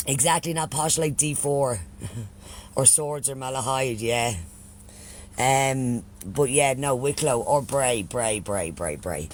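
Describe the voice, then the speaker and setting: A man's voice: mid-range voice, slow, a little hiss or hum. An Irish man chatting casually on a live stream, swearing freely and thanking followers by name. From Ireland.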